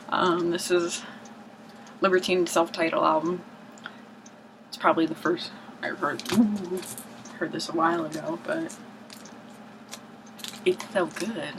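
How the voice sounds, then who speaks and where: A woman with a somewhat low voice rambles casually to the camera, slipping into hushed asides and mock-dramatic outbursts. She is recorded on a camera's built-in mic in a room at home. A clear hiss runs under the whole low-quality home video. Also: huge pitch swings, slow pace, pauses often. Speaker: vlogger showing her record collection.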